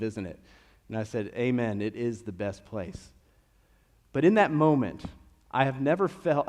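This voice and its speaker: A young man from Kentucky with a slight Kentucky accent, preaching a conversational sermon full of storytelling. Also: medium pitch. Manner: storytelling, conversational with animated rises. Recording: long reverb of a church hall.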